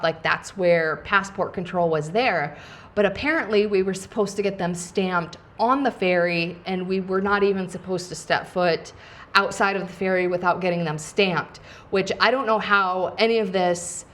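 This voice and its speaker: Chatty woman telling a travel story. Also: fairly low pitch. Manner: chatty, many "like" fillers, acts out quotes. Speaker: podcast host and coach. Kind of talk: casual storytelling.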